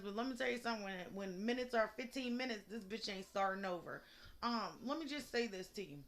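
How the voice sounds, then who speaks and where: Young woman, angry profane vlog rant, bright forceful voice, fairly high. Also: a little hiss or hum. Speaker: mother venting on video. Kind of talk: emotional unedited vlog rant.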